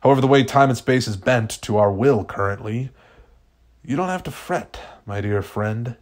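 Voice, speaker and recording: A man reading the lines of a scheming male villain leader in a fan fiction story, who speaks in a smooth, condescending way. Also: medium pitch, normal speed, natural voice. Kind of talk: fan fiction read aloud.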